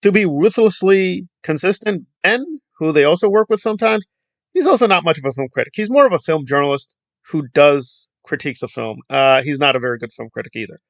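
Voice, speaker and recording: A man delivering heated commentary with a sarcastic, rambling edge. His slightly high voice swings widely up and down as he works himself up. The sound is dry and close, with no room around it. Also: lively intonation, brisk, vocal fry, no echo. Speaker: online film commentator. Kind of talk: ranting commentary.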